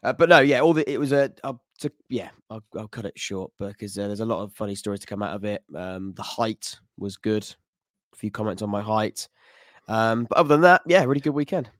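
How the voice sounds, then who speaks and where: A man's voice: on the low side, fairly quick, no room sound. A man co-hosting a casual podcast, chatty, laughing easily and repeating himself. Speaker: podcast co-host.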